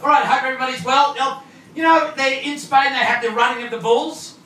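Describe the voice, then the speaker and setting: A man's voice: very high voice, fairly even intonation, brisk, sharp tone. An Australian man doing a loose, joking stand-up comedy set on a club stage. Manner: loose, joking, mixes in Japanese. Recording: echoey room from far off, noisy.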